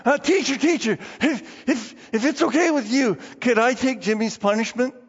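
A big, burly schoolboy, as a preacher acts him out, loud and blunt, with a raised, pushy pitch. He sounds dull and distant through long hall reverb. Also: moderate pace, husky, exaggerated voice. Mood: earnest.

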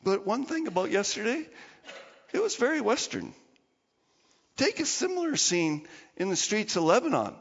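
Animated high-voiced male preacher. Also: a little slow, gravelly, slightly rough, in a large hall, dull audio. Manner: animated storytelling with acted-out voices. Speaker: pastor. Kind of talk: sermon. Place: church.

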